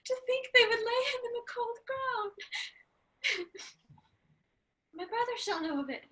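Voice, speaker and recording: Actress voicing a mad young woman, high and slow, bright drifting sing-song for a play reading. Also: lively intonation, heavily acted. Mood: mournful drifting. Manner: sing-song, drifting, laughing between lines. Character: Ophelia, grieving young woman driven to madness. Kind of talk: amateur remote play reading.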